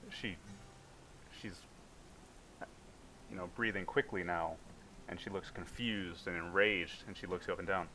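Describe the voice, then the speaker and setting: A man's voice: low-pitched, steady tone, unhurried, long pauses, sharp tone, slight background noise, rough recording. A man narrating a tabletop game as game master, with vivid, casual narration.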